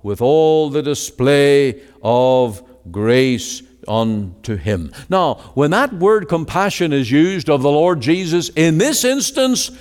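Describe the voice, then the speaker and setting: Male preacher, slow and deliberate, swinging from ringing exclamations to quiet low words; long hall reverb. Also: sing-song. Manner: quotes scripture in old-fashioned wording. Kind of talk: sermon. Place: meeting hall.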